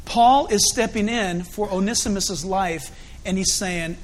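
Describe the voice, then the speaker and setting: A man delivering a sermon in a high-pitched voice. He preaches in an animated, conversational way and slips in chuckling asides. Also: unhurried, a little hiss or hum.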